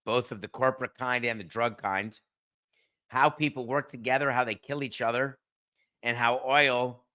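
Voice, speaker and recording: Male podcast host, middle-aged, blunt solo commentary, bright and punchy tone. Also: medium pitch. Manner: blunt, sarcastic, talks straight to a producer. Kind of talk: opinionated solo sports and TV commentary.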